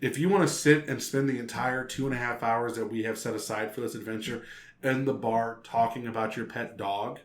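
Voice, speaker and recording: Guy chatting about d&d, swears a lot, acts out bits, normal pitch. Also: fairly quick, reverberant. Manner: profane, animated, acts out quotes. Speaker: podcast co-host. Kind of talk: casual chat about tabletop gaming.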